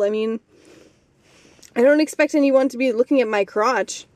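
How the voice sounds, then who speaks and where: A young woman vlogger rants casually to her handheld camera from inside a car, indignant, exasperated, and swearing freely. Her voice is on the high side and a little mellow, at a normal speed, with no room sound.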